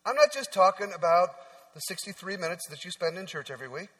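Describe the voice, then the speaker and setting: A man with a fairly high voice delivers a sermon from the pulpit. He preaches in a chatty, storytelling way and often drops into soft, hushed tones. His voice rings out with the long reverb of a large church hall. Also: sing-song, fast talker. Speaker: pastor. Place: church sanctuary.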